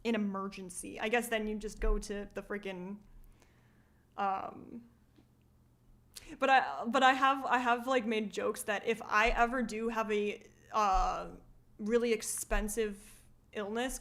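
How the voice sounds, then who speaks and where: A woman's voice: mid-range voice, fairly even intonation, unhurried, fairly bright tone. A woman streaming live, chatting casually as she reacts to a video and reads viewer comments, often laughing and asking questions.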